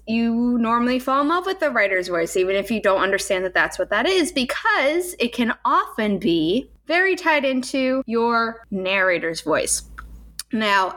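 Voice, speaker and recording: A woman's voice: medium pitch, pushed and bright. A woman co-hosting a podcast, explaining ideas in long, flowing casual talk. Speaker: podcast co-host.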